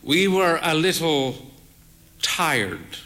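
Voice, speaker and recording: A man's voice: on the high side, very animated, drawn-out words, pushed and bright, full character voice. A man voicing a fey, thin man in late middle age who talks in a droll, playful, crooning way.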